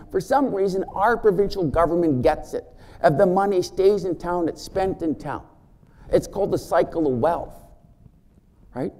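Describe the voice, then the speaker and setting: A man giving a conference keynote as a First Nations chief, animated and joking, often asking the audience questions. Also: high voice.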